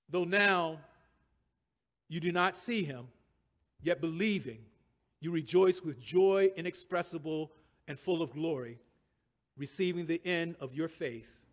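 A man preaching a sermon, reading scripture aloud and repeating key phrases and verse references, swelling to emphatic peaks. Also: a little high.

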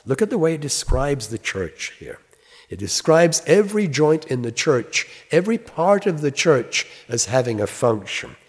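A man preaching a sermon, reading scripture slowly and with emphasis, then explaining it in a plain, conversational way. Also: fairly high pitch, sing-song, husky. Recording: long reverb.

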